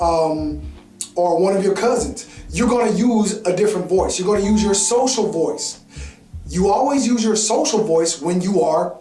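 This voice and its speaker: A man's voice: high voice, darkish tone. A man giving an emphatic, repetitive, preachy lecture-style monologue to his viewers. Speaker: vlogger. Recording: roomy echo, distant mic, faint music.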